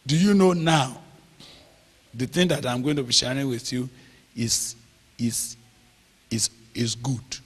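Slow emphatic preacher in a hall. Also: male voice, mid-range voice, slightly rough. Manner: slow, emphatic, drawn-out phrases with call-and-response questions. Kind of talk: sermon teaching. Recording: long hall reverb.

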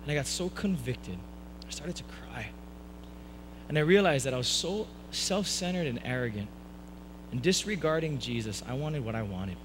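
A young man preaching a sermon, telling a personal story with animated delivery and acting out the voices of the people in it. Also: mid-range voice, moderate pace, background noise. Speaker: pastor. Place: church hall, live stream.

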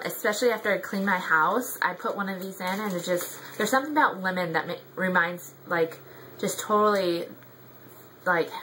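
A woman's voice: lowish voice, pushed and bright, a little hiss or hum, low-quality recording. A young woman chatting casually in a product review vlog, rambling with many ums and likes. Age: young adult.

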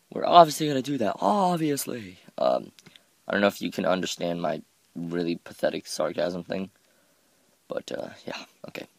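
A man's voice: sits low, gravelly, no room sound. A man giving casual, rambling game commentary, self-mocking and often stumbling over his words. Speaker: gameplay commentator.

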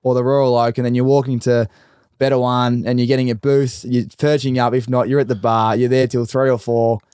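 An Australian man hosting a relaxed podcast chat, full of lively stories and casual swearing. His voice is mid-pitched and recorded close and dry, with no room sound. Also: a little fast, clear, resonant tone, no room sound. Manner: animated, profane storytelling. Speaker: podcast host.

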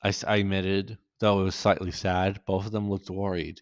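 A man's voice: low-pitched, flat delivery, moderate pace, dry recording. A man reading a first-person story aloud with a hesitant, self-conscious delivery. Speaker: story reader. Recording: dull dry lo-fi recording.

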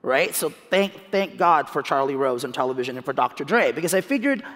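Speaking fast, this man in his thirties from the Philippines gives a lively onstage interview as a guest, often laughing and restarting by repeating words. His voice is fairly high for a man, and the large hall lends a long reverb.

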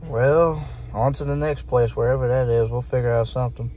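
Laid-back vlogger, talks to y'all, clear street noise behind. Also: male voice, medium pitch, fairly even intonation, moderate pace, warm tone. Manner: easygoing, addresses viewers as y'all. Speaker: vlog host. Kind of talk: casual vlog narration. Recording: vlog audio with traffic noise.

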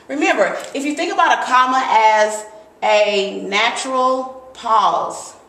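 A woman giving a lively grammar lesson, talking through example sentences with emphasis. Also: a little high, slow. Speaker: teacher. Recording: echoey room.

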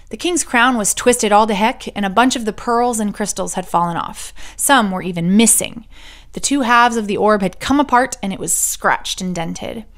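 A woman hosting a true crime podcast, telling the story with sarcastic asides and the odd whispered joke. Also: medium pitch. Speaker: podcast host.

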